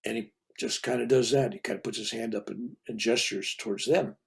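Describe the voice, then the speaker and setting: An older man, a reverend, tells a spiritual story in a loose, rambling conversational style, full of restarts and asides. His voice sits at medium pitch with a steady tone, fairly quick pace, and a creaky, husky texture.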